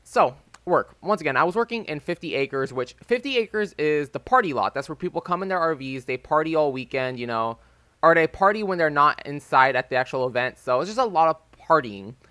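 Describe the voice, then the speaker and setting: A man's voice: on the high side, expressive, fairly quick, sharp tone, dry recording. A man in his early twenties telling a loose, rambling story over gameplay, full of "like" and "um". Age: early 20s. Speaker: gaming YouTuber. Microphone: desk microphone with a phone as backup.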